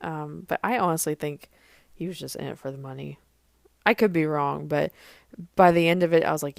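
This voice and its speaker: A woman's voice: deep voice, brisk, creaky, no echo, clean studio sound. A young woman hosting her own podcast, talking casually and rambling with many fillers and restarts. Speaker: podcast host. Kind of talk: casual solo podcast chat.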